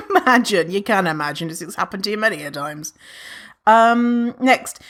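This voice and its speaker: A woman chatting on her own podcast, with a pitch that swings high and low. She talks casually and playfully and keeps slipping into mock voices to act out what others say. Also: measured pace. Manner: playful, animated, acts out other people's remarks in mock voices. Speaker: podcast host. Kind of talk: casual solo podcast chat.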